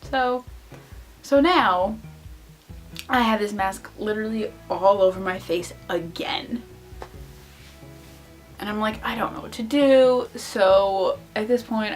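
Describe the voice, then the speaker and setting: A young woman tells an embarrassing story straight to her camera. She keeps it casual and rambling, full of "like" fillers, and her voice sits at an everyday middle pitch. Soft music plays faintly behind her. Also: fairly even intonation, takes it slowly, pauses often. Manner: chatty, lots of "like" fillers. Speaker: vlogger.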